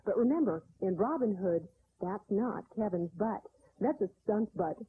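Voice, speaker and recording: A woman's voice: medium pitch, lively intonation, normal speed, lightly acted. A woman playing a perky, gushing host of a silly TV segment. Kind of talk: sketch comedy TV segment. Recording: lo-fi broadcast audio, faint hiss.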